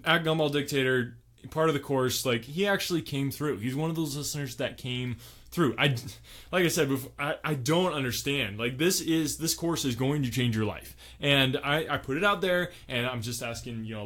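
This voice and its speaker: A man's voice: mid-range voice, normal speed, a bit bright. A man hosting a comedy podcast sketch, boastful and self-satisfied, rambling with lots of filler words. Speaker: podcast host.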